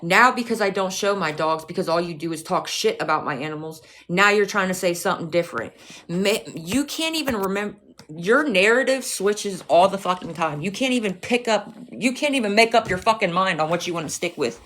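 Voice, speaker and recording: A woman's voice: mid-range voice, lively intonation, brisk, a bit bright. A woman livestreaming, talking back to her chat in a profane, confrontational, scolding rant.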